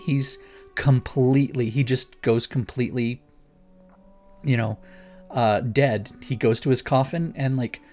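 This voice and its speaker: A man's voice: medium pitch, a little mellow. A man speaking as a guest in a casual chat, explaining things eagerly and rambling with many restarts. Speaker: guest author.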